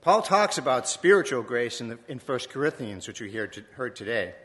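Man preaching with bright, animated delivery. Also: medium pitch. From Virginia, USA. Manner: reflective and conversational, with pauses and self-corrections. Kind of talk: sermon. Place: church. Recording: long echoing church reverb.

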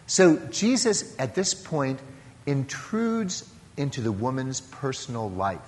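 A male priest gives an earnest sermon in a church, acting out scripture dialogue as he teaches. He speaks slowly, and his pitch rises and falls a great deal. The voice echoes with a long reverb. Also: sing-song, darkish tone.

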